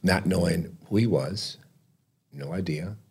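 Very low husky man telling stories. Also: a little slow. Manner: animated, acts out every voice in his stories. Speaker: guest. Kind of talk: storytelling in conversation. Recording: podcast studio mic.

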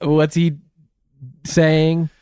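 A man hosting a comedy interview, asking long, mock-serious questions in a deadpan way. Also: a little high, extremely slow, clean tone, no room sound, clean studio sound. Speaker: host.

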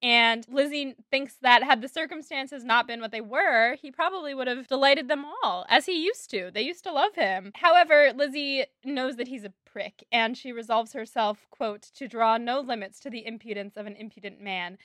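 A young woman co-hosting a casual book podcast, bluntly recapping and giggling as she goes. Her voice is bright and ringing, sitting fairly high. The recording is close and dry. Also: normal speed, few pauses, no echo. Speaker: podcast co-host. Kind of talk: casual book-discussion chat.

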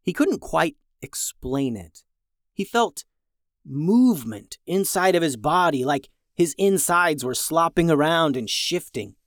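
Lively children's story narrator, dry sound. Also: mid-range voice, slow pace, dry recording. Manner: lively, shifting voices for each brother.

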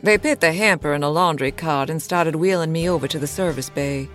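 A woman narrating a horror story in a measured, dramatic storytelling voice. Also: low voice, faint music behind. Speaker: guest narrator.

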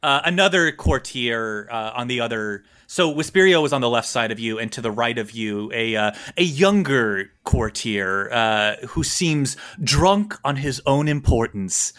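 A man's voice: medium pitch, animated, measured pace, few pauses, fairly bright tone. A man narrating a tabletop game as game master, improvising with frequent fillers.

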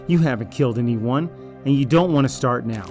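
A man's voice: medium pitch, moderate pace, a little mellow, soft background music, close to an everyday voice. A man voicing a manipulative male raider in an audio drama, falsely friendly and then arrogant and threatening. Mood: smug, menacing. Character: smug, deceitful male raider, manipulative and menacing.

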